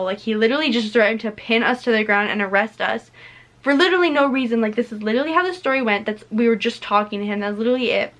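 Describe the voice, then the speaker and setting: Teen girl, storytime vlog, rambling filler-heavy chat, slightly high voice, camera mic. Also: a little fast, a bit bright. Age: teens. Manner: chatty, filler-heavy retelling with frequent "like" and "literally". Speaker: vlogger.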